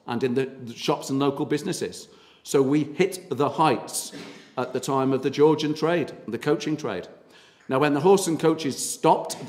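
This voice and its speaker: A man's voice: mid-range voice, a little mellow. A man from England, a tour guide and local historian, giving a chatty public talk full of fillers and anecdotes. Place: meeting hall. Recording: reverberant hall from far off.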